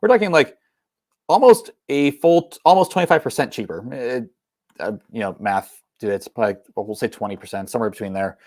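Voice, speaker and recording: A man's voice: medium pitch, animated, brisk, darkish tone, no room sound, clean studio sound. A young man hosting a whiskey livestream, talking casually in a rambling way with many ums and restarts. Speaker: whiskey channel host.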